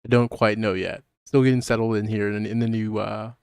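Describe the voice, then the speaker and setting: A man's voice: lowish voice, level tone, brisk, a little mellow, smooth, no echo, clean studio sound. A man hosting a podcast stream, rambling casually and muttering to himself while he sets things up. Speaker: podcast host. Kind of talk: casual livestream chat.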